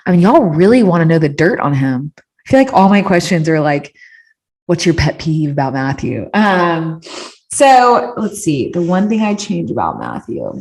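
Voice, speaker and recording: A woman chats candidly in her thirties' voice, pitched a little low. She rambles through listener questions with plenty of fillers, restarts and casual swearing. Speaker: podcast host answering listener questions. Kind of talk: casual chat.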